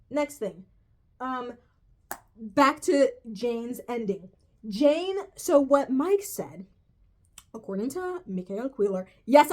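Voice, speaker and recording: Exasperated young woman ranting, high and lively. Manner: exasperated, swears a lot, says "bro" often. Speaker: vlogger. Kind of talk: ranting casual video commentary.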